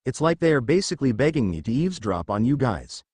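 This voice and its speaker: Guy doing a bored demon king, teasing and lazy, pitch goes all over, dry. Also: sing-song, fast, a little mellow, breathy edge, no echo.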